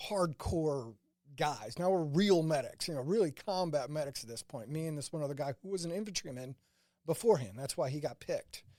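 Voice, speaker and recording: A man's voice: a little high, dry recording, clean studio sound. A man from St. Louis, a former combat medic, telling stories in a casual interview and quoting people along the way. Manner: animated anecdotes, quoting others in dialogue.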